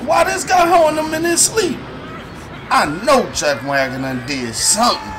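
A man doing a loud, hot-tempered cartoon loudmouth. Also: sits high, wildly swooping pitch, a little slow, background noise, heavily acted. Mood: scolding. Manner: shouting, scolding, slangy. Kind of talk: comedic cartoon voice acting. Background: background music.

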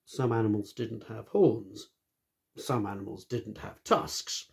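A man reading a children's storybook aloud, stopping for friendly asides to his young listeners. He speaks slowly, and his voice is gravelly and a little husky, with a lively, swooping pitch.

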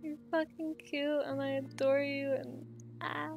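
Bubbly high-voiced woman streamer. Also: flat delivery, unhurried, vocal fry, dull audio, soft background music. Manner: bubbly, affectionate, swears freely. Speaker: gaming streamer. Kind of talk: casual chat while playing.

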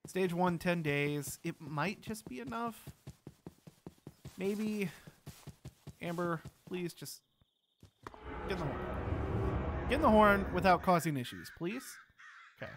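A young man narrates his own gameplay, muttering and grumbling to himself about what just went wrong. His pitch swings widely, from low mumbles up to sharp high exclamations. He speaks into a desk mic with a faint hiss underneath. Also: expressive, slow pace, pauses often. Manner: exasperated, talks to himself while playing. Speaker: gaming channel host. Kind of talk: gameplay commentary.

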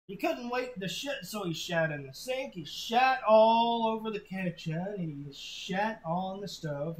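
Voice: medium pitch, poor audio. A storyteller giving an unpolished, crude, offhand telling of a joke story in a casual spoken way.

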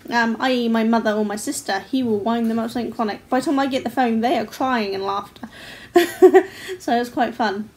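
Chatty woman, slightly high voice. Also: brisk. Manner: chatty, laughs often, swears freely. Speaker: crochet vlogger. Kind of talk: casual chat to camera. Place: at home, indoors.

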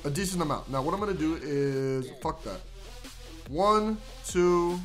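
A young man playing a mobile game, cursing and shouting at the characters, swinging between low grumbles and loud outbursts. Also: animated, measured pace, soft background music. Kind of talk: profane gameplay commentary.

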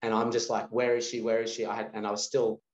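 A lower-voiced man from Australia tells a personal story as a guest in a relaxed interview. He jumps in and out of the voices of the people in his story. The sound is roomy and a bit muffled. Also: fast. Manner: animated storyteller acting out quoted dialogue. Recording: roomy, slightly dull sound.

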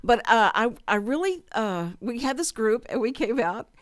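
A woman in her sixties spins nostalgic stories on a community radio chat show. Her pitch rises and falls with real animation. She leans on easy fillers as she rambles, and the studio sound is dry and close. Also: animated, moderate pace, no echo. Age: 60s. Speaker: radio co-host. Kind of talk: casual radio chat, storytelling.

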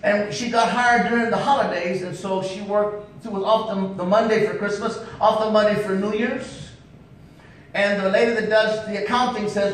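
High-pitched preacher in an echoey church. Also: male voice, normal speed. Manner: emphatic, calls out "come on now" to the congregation. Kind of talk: revival sermon storytelling. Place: church sanctuary. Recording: echoey church hall from far off, faint rumble.

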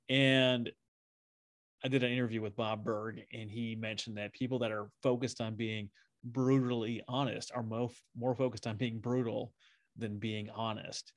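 A man's voice: medium pitch, flat delivery, moderate pace, no room sound, clean studio sound. A man in his thirties hosting a podcast interview, chatting casually and with enthusiasm. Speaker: podcast host.

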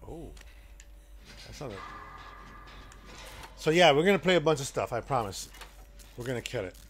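Animated, chatty male game streamer. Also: medium pitch, normal speed. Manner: rambling, chatty, reacts loudly to gameplay. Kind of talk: casual live-stream chat.

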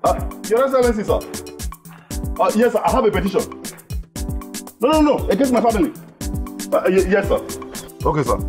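An actor with a Nigerian accent playing a boastful, self-important politician who blusters and threatens. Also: male voice, high-pitched, big pitch swings, fairly quick, long pauses, over music. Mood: pompous. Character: boastful pompous male big-shot politician. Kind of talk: comedic film acting.

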